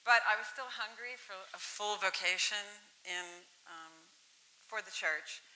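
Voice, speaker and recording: Female panelist, bright tone, earnest and reflective, faint hiss on the line. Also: medium pitch, unhurried, low-quality recording. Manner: earnest, thoughtful, with soft ums. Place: university lecture hall.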